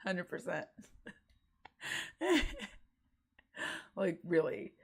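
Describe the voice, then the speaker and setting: A woman chats casually on a livestream, rambling from thought to thought with frequent giggles and fillers. Her voice sits low with a gravelly fry. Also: big pitch swings, extremely slow. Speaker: streamer.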